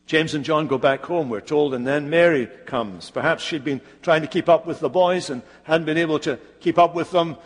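Man preaching slowly in a hall. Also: on the high side. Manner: slow, dramatic storytelling with pauses. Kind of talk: sermon.

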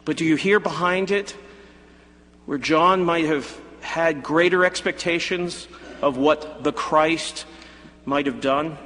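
A man delivers a sermon with animated, shifting emphasis, now rising, now dropping soft. His voice sits a little high for a man. The sound rings with the long reverb of a church hall. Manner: animated preaching, voices hypothetical quotes of Jesus. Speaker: pastor.

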